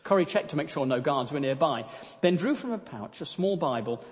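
A man's voice: fairly high pitch, animated, fairly quick. Hesitant male preacher in a long echo. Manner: hesitant, many fillers. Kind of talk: sermon with read-aloud story.

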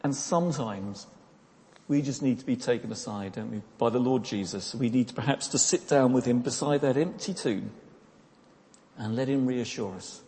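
A man's voice: mid-range voice, normal speed, mellow. Conversational male preacher in a reverberant church. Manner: conversational, with rhetorical questions and repeated words. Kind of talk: sermon. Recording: long reverb of a church hall.

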